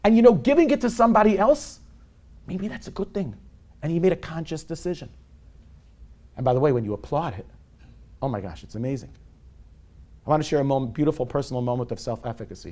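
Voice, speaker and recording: A man's voice: medium pitch, lively intonation, fast talker, pauses often. A man in his forties, a rabbi giving a lecture on parenting to a live audience, telling stories with humor and sprinkling in Yiddish and Hebrew terms. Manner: warm and self-deprecating, with humor.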